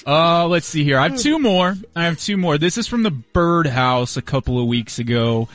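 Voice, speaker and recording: A man hosting sports radio with a lively, slightly high voice, teasing and introducing clips. Faint music plays under the talk. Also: normal speed. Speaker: radio host playing clips. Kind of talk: casual sports radio banter.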